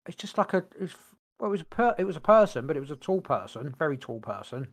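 A man's voice: fairly high pitch, very animated, fast. A man co-hosting a podcast, rambling and searching for words with many restarts. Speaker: podcast co-host. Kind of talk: casual chat.

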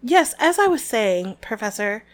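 A severe older professor, brisk and dry, with her patience wearing thin, read aloud by a woman on a podcast. The voice sits fairly high, and each line comes out crisp and clipped, as if through tightly gritted teeth. It is an unhurried, icy read-aloud. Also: very animated. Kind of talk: reading a novel aloud on a podcast.

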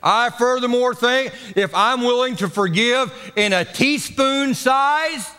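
A man's voice: very high-pitched, slow, sharp tone, clear, resonant tone, in a large hall. A man preaching a sermon, leading call-and-response and drawing out his phrases for drama. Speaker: pastor.

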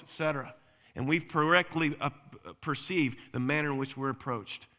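A man preaching a sermon on marriage, swinging between loud emphatic bursts and low, quiet asides. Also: normal speed. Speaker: pastor. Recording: echoey hall with long reverb.

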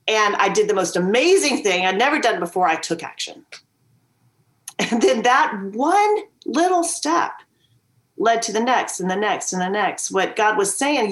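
A woman's voice: medium pitch, moderate pace. Earnest woman guest, vivid storyteller, heard over a video call. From Virginia. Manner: earnest and emphatic, lively storyteller. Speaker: podcast guest. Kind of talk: candid storytelling interview.

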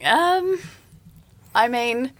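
A woman's voice: a little high, lively intonation, very slow, fairly bright tone, no room sound. A New Zealand woman in her thirties, a dating show guest who teases and fires direct questions in casual chat. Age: 30s.

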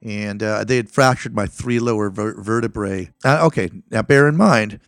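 A middle-aged man from Northern California telling a long personal story in a casual interview, acting out what people said with animated outbursts. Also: moderate pace, dry recording, clean studio sound. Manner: animated, acts out quotes with sudden high-pitched outbursts. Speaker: interview guest.

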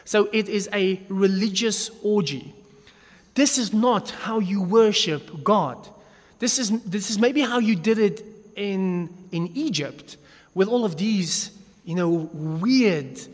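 High-voiced man teaching in an echoey hall. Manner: chatty, joking, with frequent restarts. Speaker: Bible teacher. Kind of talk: casual teaching talk. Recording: long echo of a reverberant hall.

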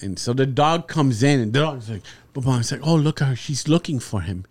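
A man's voice: mid-range voice, normal speed, darkish tone. A man in his forties, a podcast co-host telling blunt, jokey stories and mocking others in put-on voices. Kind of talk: casual podcast banter.

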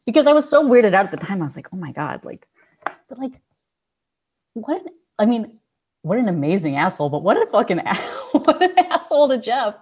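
A woman casually telling a rambling, animated story over a video call, swearing freely. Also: fairly high pitch, brisk, a little hiss or hum.

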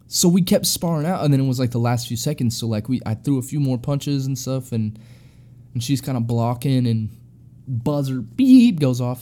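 A young man with a warm, mid-range voice tells a story casually, in a loose, profane, slang-heavy style. He keeps calling his listeners "bro" and "dude."

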